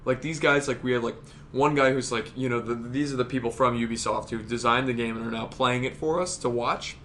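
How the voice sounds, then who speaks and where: Podcast co-host, male, mid-pitched, rambling and excitable, salty language, casual chat. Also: a little fast, a little hiss or hum. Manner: rambling, excitable, swears a lot.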